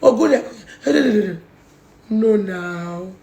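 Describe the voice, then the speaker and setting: A young Nigerian-accented woman, a social media personality, mocks and scolds someone in a confrontational call-out video, speaking heavily in Pidgin. Her medium-pitched voice is slow and mellow, and the room sounds echoey.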